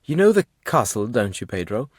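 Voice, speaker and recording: A man's voice: medium pitch, very animated, brisk, slightly rough, dry recording, studio quality. A man reading a language-learning audiobook, voicing a friendly young male student who chats cheerfully.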